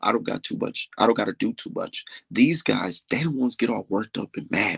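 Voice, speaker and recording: A man's voice: on the low side, lively intonation, brisk, gravelly, hardly any pauses, a bit bright, breathy edge, no echo. A young man hosting a livestream, ranting in a boastful, dismissive way with heavy swearing. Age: young adult. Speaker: livestream host. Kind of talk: profane livestream rant.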